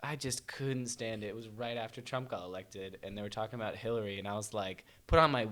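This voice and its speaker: A man's voice: lowish voice, fast talker, fairly bright tone. A young man, a guest musician on a podcast, telling stories in casual chat and laughing through his words.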